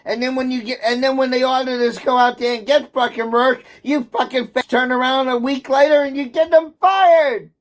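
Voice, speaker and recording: A man's voice: extremely high pitch, fairly even intonation, moderate pace, few pauses. A man in an angry livestream rant, bitter, aggrieved and heavy with profanity, agitated and sometimes near tears.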